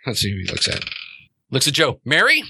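A man narrating a tabletop role-playing game as game master, relaxed and rambling. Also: mid-range voice, quick pace, gravelly, slight background noise.

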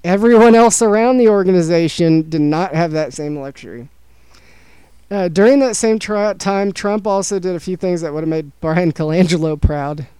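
A man's voice: sits high, normal speed, mellow, smooth, dry recording, poor audio. A man hosting a casual podcast, walking through a story from his notes and slipping in dry jokes. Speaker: podcast host presenting a story.

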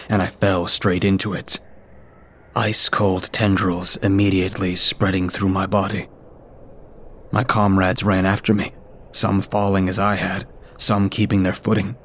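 Male horror story narrator: low voice, flat, measured delivery. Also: slight background noise.

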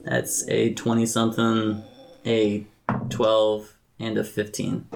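Male game master for a casual tabletop session: low, gravelly voice, easygoing. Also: takes it slowly, background noise. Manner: relaxed, laughs often.

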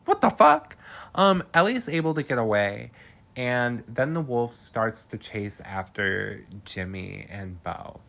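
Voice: mid-range voice, unhurried, gravelly, fairly bright tone. A speaker casually recapping a film plot, chatty and sarcastic, peppering the story with "like" and swearing. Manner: chatty, swears freely, heavy use of "like"; sarcastic asides.

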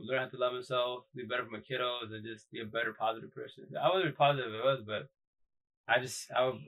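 A man's voice: medium pitch, fairly bright tone, low-quality recording. A man hosting a casual livestream, talking in a rambling, emphatic way, swearing often and repeating himself. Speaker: livestream host.

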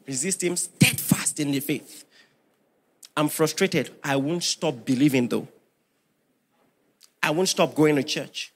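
A man's voice: fairly high pitch, slow pace, pauses often. A man preaching a sermon as pastor, emphatic and firing questions at the congregation.

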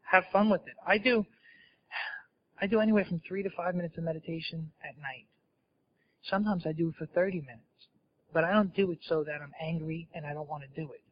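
A man's voice: on the high side, fairly quick, muffled recording. A man telling his recovery story at a meeting in a candid, self-mocking storytelling way. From New Jersey. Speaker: speaker sharing at a recovery meeting. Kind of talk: personal recovery talk to an audience.

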